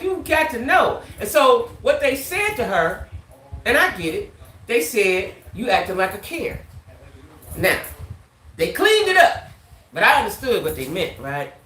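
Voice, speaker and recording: A woman's voice: medium pitch, moderate pace, reverberant, a little hiss or hum. A woman hosting a live stream, giving casual, emphatic commentary on a reality show and talking straight to her viewers. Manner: animated, emphatic, talks to viewers.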